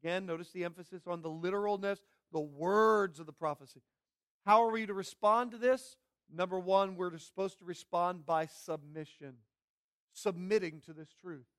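Man, pastor, sermon, emphatic, repeats key phrases, high voice, dry sound. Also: moderate pace, fairly bright tone, smooth, no room sound.

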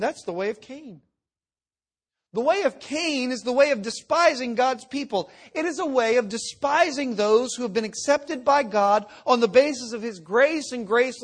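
A middle-aged man preaching a sermon, swinging from loud emphatic reading to hushed, intense asides. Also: high-pitched. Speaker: pastor.

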